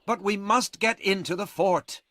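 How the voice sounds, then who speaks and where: A man's voice: high-pitched, unhurried, pushed and bright, no echo, pitched above the performer's own voice. A man voicing an urgent young army officer with an earnest, raised delivery.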